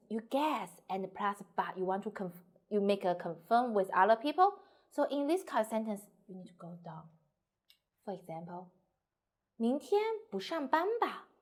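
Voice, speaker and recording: A woman teaching a Mandarin lesson, patiently explaining and modelling sentence pitch aloud. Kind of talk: online language lesson.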